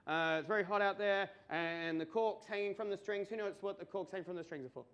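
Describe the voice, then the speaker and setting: An Australian man telling a crude, animated stand-up comedy story with swearing and mock outbursts. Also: sits high, fast, muffled recording.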